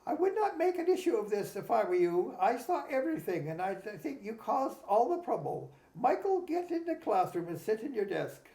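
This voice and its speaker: Stern Jamaican schoolteacher, put on by a man, measured and authoritative, raised pitch, roomy echo. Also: big pitch swings, mellow. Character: firm, calm male schoolteacher.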